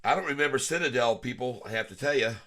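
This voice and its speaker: A man's voice: mid-range voice, fast, bright, forceful tone. A man with a stuffed-up nose giving casual, folksy stock-chart commentary to his viewers, chuckling often. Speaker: stock trading vlogger. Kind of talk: casual screen-share commentary.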